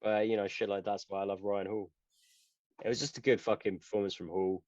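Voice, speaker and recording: A man's voice: on the low side, little pitch movement, fairly quick, a little mellow, no echo. Rambling, swearing podcast co-host man. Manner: rambling, swears freely, many fillers. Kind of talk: casual chat. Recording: muffled, dry lo-fi sound.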